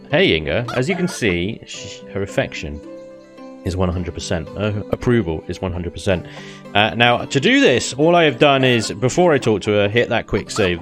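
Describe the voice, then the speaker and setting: Chatty joking man. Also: on the low side. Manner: chatty, joking, laughs often. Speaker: gaming YouTuber. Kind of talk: casual game commentary.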